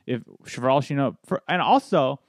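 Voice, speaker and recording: A man's voice: medium pitch, lively intonation, normal speed, no echo, clean studio sound. A man, a comedian, telling stories in a casual podcast chat, rambling with restarts and laughs. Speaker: guest comedian.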